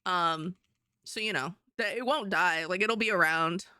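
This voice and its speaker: A woman's voice: fairly low pitch, a little slow, bright, forceful tone, clean tone, dry recording, studio quality. A woman streaming live and chatting casually, laughing often and swearing now and then.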